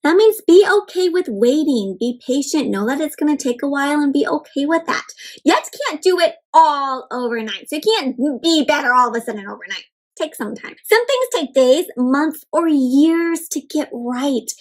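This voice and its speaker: A woman reading a picture book aloud to children, pausing often to encourage them and ask them questions. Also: sits high, lively intonation. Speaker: children's storybook reader. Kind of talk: interactive read-aloud for kids.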